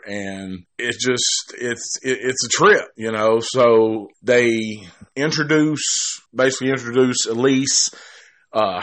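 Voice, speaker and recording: An adult male movie reviewer with a mid-range, slightly bright voice talks casually through a film review. He rambles, swears freely, and keeps restarting his sentences.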